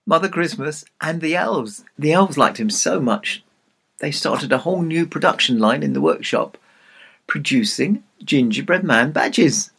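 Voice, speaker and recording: A man speaking as Santa, telling a children's story in a playful, animated way and asking the listener questions. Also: fairly high pitch, unhurried, vocal fry, slightly rough.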